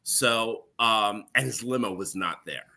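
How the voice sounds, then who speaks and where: A middle-aged man, a guest and former page, telling stories in a casual, animated way and laughing often. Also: on the low side, unhurried, creaky. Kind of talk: casual storytelling.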